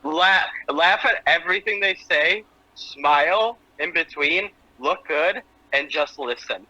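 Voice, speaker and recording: A man's voice: a little high, animated, slow pace, bright, forceful tone, dry recording, low-quality recording. A man in his twenties, co-hosting a podcast over a video call, joking crudely. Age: 20s. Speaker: podcast co-host. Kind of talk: casual chat.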